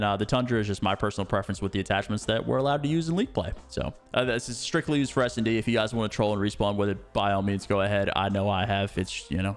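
A young man giving relaxed, chatty gameplay commentary and explaining his setups. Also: medium pitch. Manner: relaxed, chatty, uses fillers. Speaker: gaming streamer.

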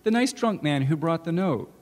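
A man voicing a sharp-tongued elderly mother with a dry, teasing manner, recorded in a reverberant hall. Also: fairly high pitch, lively intonation, moderate pace, pitched above the performer's own voice, natural voice. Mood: wry.

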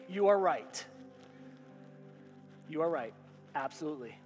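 A man's voice: very high voice, lively intonation, moderate pace, a bit bright. A male pastor preaching a sermon, emphatic and repetitive, with call-and-response phrases. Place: church sanctuary. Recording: hall reverb with faint music.

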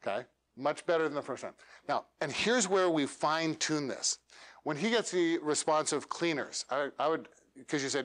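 Male workshop coach, slightly high voice, lively, demonstrates lines with deliberate pauses. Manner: animated, uses dramatic pauses and demonstrates lines. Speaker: speaker coaching elevator pitches. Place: meetup room.

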